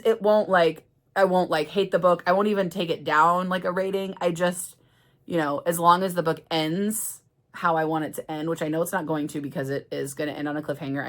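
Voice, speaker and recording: A woman vlogging about a novel at home, talking in a rambling, excitable way full of fillers and restarts. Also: deep voice, a little fast. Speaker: book vlogger. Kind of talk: casual chat. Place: at home with her cats.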